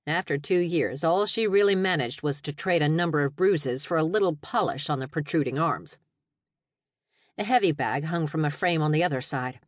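A woman narrating an audiobook in a steady, even storytelling read. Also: deep voice, moderate pace, no room sound, studio quality. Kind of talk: scripted narration.

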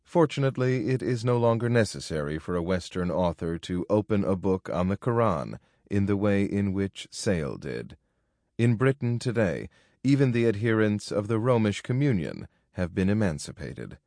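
Man, low pitch, dry studio sound, measured formal nonfiction narration. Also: sing-song, a little mellow, no echo. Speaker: audiobook narrator. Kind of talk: scripted narration of a nonfiction book.

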